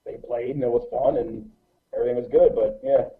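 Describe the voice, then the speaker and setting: A man guesting on a podcast, telling a profane, animated anecdote in a casual way. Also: mid-range voice, a little fast, vocal fry. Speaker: guest musician. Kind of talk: casual storytelling. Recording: tinny phone-like line.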